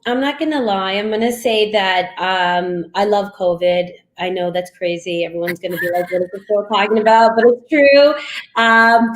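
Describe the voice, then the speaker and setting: Chatty woman in an echoey room. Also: mid-range voice. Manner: chatty, candid, lots of fillers. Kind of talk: casual group chat.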